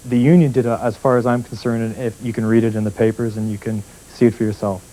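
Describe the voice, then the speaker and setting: A man's voice: medium pitch, level tone, fast talker, dark tone, low-quality recording. A man guest on a news program, speaking in a plainspoken, hesitant way. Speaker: interview guest, plant worker. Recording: 1980s TV broadcast off tape.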